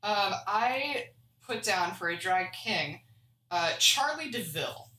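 A woman's voice: medium pitch, lively intonation, takes it slowly, sharp tone, recorded from a distance, a little hiss or hum. Woman off mic in an echoey room. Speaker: podcast co-host. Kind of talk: casual chat.

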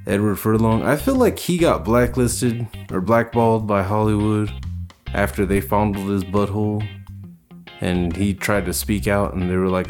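A man's voice: on the low side, moderate pace, darkish tone, faint music behind. Rambling profane man co-host. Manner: rambling, profane, many filler likes. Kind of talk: casual chat.

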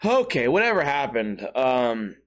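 Young man, solo talk host, crude and rambling, self-mocking, mid pitch. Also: sing-song, unhurried. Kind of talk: casual crude storytelling monologue.

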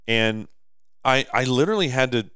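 A man's voice: mid-range voice, expressive, normal speed, pushed and bright, clean tone, no echo, clean studio sound. A man co-hosting a podcast, rambling through a long story in casual chat, with many restarts. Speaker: podcast co-host. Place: indoor office or shop.

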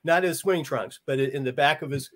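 Male guest, slightly high voice, wry and self-deprecating. Loose chat. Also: fast, a bit bright. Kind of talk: casual chat.

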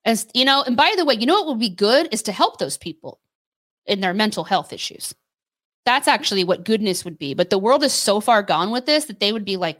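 A woman co-hosting a casual faith discussion, telling stories with emphatic repetition and quick restarts. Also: medium pitch, animated, a bit bright. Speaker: podcast co-host.

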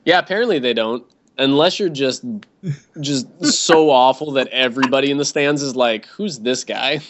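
A man's voice: medium pitch, normal speed. A man co-hosting a casual sports podcast, talking with dry sarcasm and frequent laughs. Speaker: podcast co-host. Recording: dull lo-fi sound.

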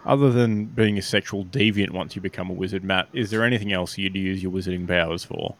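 Low-voiced man egging on his co-hosts. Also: fairly even intonation, a little hiss or hum. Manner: eggs others on, quick agreeing interjections. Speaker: podcast co-host. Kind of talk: casual chat.

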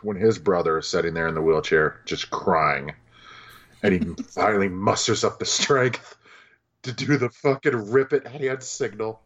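A man's voice: fairly low pitch, measured pace, a bit bright, muffled recording. A young man co-hosting a casual movie-review chat, wry, swearing freely and laughing at the film. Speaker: podcast co-host reviewing a movie.

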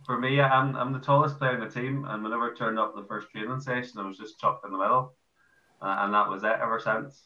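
A man's voice: mid-range voice, fairly even intonation, fast talker, bright, forceful tone, highs cut off. Irish man on a distant echoey call. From Ireland. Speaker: guest, amateur footy ruckman. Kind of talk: casual podcast interview.

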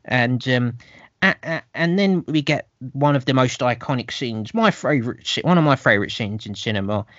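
A man's voice: mid-range voice, animated, moderate pace, a bit bright, no room sound. Man, podcast co-host, dry close sound, slightly dull audio, rambling recap. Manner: rambling, restarts, puts on quoted voices. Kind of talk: casual film recap chat.

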